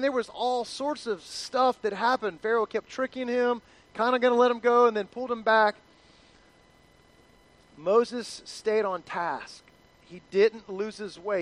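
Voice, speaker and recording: A middle-aged male pastor preaching a sermon in an animated, conversational way, acting out quotes. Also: high-pitched, poor audio.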